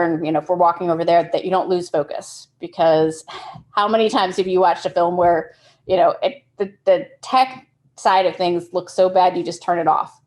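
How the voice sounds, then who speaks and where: A woman's voice: lowish voice, darkish tone. Chatty woman teaching film directing. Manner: conversational, explains with everyday examples, frequent restarts. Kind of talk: casual workshop talk.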